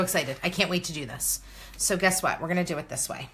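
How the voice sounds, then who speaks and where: Female vlogger, 30s, bright voice, excitable and chatty, hosting a crafting video. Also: lowish voice, quick pace, a little hiss or hum. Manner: bubbly, exclamatory, talks to viewers while working. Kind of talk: casual crafting tutorial chat.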